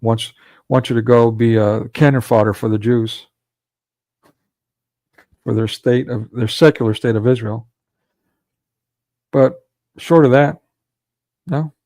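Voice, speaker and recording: Guy ranting into the mic, gravelly and sarcastic, real dry sound. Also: medium pitch, mellow, no echo. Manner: sarcastic, scornful, with mocking laughs. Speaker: commentator. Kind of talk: ranting monologue commentary.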